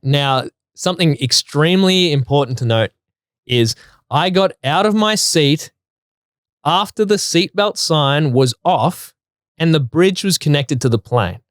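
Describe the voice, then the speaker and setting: A man with a fairly high voice recounts a listener's story in a casual chat show. He tells it animatedly, piling on detail. The sound is close and dry. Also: lively intonation, a little slow, no echo. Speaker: co-host.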